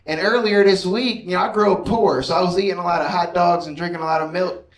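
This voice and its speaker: Recorded from a distance in a roomy club, this stand-up set features a man in his thirties whose voice sits high and whose intonation stays fairly even as he talks fast. He chats with the laughing audience, repeatedly checking in with "you know what I mean."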